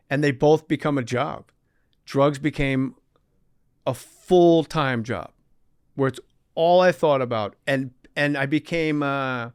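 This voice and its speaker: A man hosting a podcast, telling animated, wry stories about his life in comic storytelling style. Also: medium pitch, smooth, no room sound, studio quality. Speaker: comedian podcast host.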